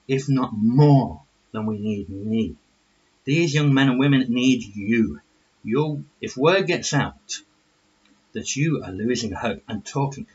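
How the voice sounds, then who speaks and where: A man's voice: medium pitch, breathy edge, lo-fi sound. A man voicing a stern female officer, a goddess-cat, who scolds like a teacher or a mother.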